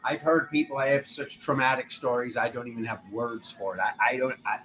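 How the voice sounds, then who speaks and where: Bright-voiced rambling male tarot reader. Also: medium pitch, fairly even intonation, brisk, slight background noise, rough recording. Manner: rambling, acts out quoted voices. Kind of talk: spiritual tarot reading monologue.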